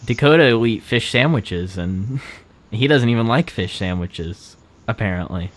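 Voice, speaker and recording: Chatty young man, low voice. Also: animated, measured pace. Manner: rambling, many "like" fillers, laughs often. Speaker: podcast co-host. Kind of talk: casual chat.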